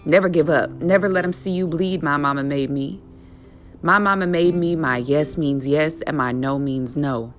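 A woman's voice: deep voice, moderate pace, soft background music. A woman with a Southern accent performing a rhythmic, defiant spoken-word poem. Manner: rhythmic, defiant, rising to forceful peaks.

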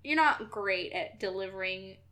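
A woman co-hosting a casual chat, animated and opinionated, swearing now and then. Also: mid-range voice, moderate pace. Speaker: podcast co-host.

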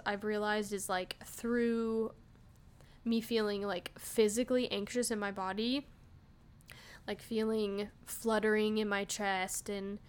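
A woman's voice: mid-range voice, clear, resonant tone. A woman in her thirties hosting a solo podcast, talking in a rambling, casual way with lots of "like" and restarts. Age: 30s. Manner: rambling, heavy use of "like", frequent restarts. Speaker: podcast host.

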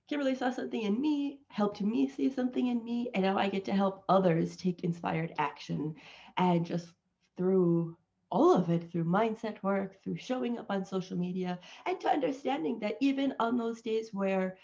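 A woman with an allergy-hoarse, husky voice, chatting upbeat and self-joking as a coach on a video call. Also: a little mellow. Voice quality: husky, low phone-operator voice. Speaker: network marketing coach. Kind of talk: casual webinar chat. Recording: dull lo-fi video call audio.

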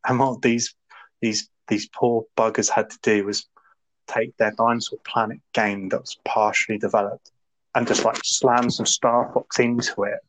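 A man ranting in casual podcast chat, animated and laughing as he mocks a game. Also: lowish voice, normal speed, rough recording. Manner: ranting, animated, laughs a lot, mock voices. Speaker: podcast co-host.

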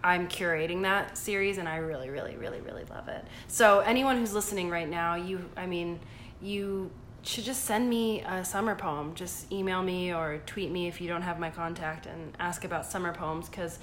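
A woman's voice: lowish voice, fairly even intonation, moderate pace, fairly bright tone, a little hiss or hum. A woman co-hosting a podcast in casual chat, a little drunk, gushing and rambling. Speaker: podcast co-host, magazine editor.

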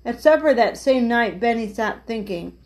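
A woman's voice: fairly high pitch, animated, normal speed, a little mellow, dull audio. Woman reading a children's book aloud. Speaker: storyteller.

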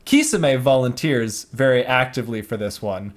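A man's voice: medium pitch, normal speed. Profane laid-back guy recapping episodes. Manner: animated, profane, acts out characters in quotes. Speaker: podcast co-host. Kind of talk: casual episode recap chat.

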